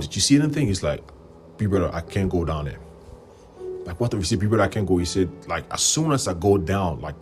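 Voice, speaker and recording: Deep-voiced guy rambling through a story on his stream, gets loud when he quotes folks, faint music behind. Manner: animated, rambling, quotes people in raised voices. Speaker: livestream host. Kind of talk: casual storytelling on a livestream.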